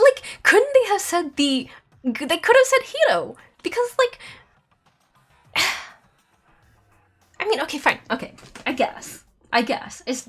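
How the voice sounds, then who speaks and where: Woman, let's play streamer, ranting commentary, high voice, very lively pitch, exasperated, rambling. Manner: exasperated, rambling, heavy use of "like"; voice climbs high when angry.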